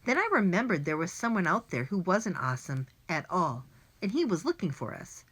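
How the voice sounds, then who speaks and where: A woman narrating a first-person children's audiobook in a lively, plain and clear storytelling manner. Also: low-pitched, moderate pace.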